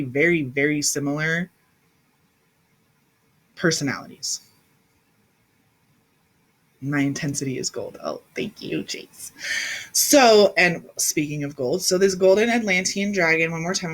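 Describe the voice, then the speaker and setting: A woman's voice: low-pitched, fairly bright tone. A woman in her thirties hosting a spiritual livestream, talking in an intense, emphatic and rambling way, now and then answering viewers directly into a webcam or phone mic. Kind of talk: casual spiritual livestream talk.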